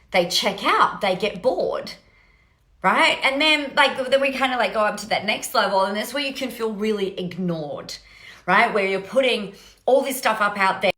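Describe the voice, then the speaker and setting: A woman's voice: medium pitch, a bit bright. A woman hosting a solo podcast, talking energetically in a rambling, casual way and often checking in with "right?". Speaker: podcast host. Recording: roomy echo.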